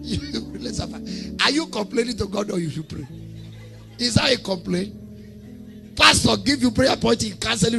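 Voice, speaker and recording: A Nigerian man preaching with a high, gravelly, bright voice. He tells jokey stories and mimics people before shouting prayer lines for the crowd to repeat. Music plays faintly behind him. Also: animated, unhurried, pauses often. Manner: humorous storytelling, mimics congregants, laughs often. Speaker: prophet preaching. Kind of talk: sermon.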